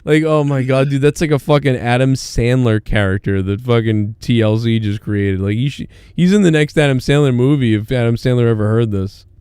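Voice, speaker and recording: A man's voice: mid-range voice, fairly quick, hardly any pauses, mellow, clear, resonant tone, no room sound, clean studio sound. A man hosting a podcast, chatting loosely with lots of swearing and laughing. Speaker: podcast host. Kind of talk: casual podcast banter.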